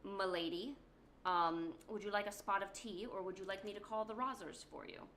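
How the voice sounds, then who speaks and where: Bright, over-polite mock-British male gang boss, as a woman puts him on, smarmy and unhurried. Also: medium pitch, expressive, echoey room, slight background noise. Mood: courtly.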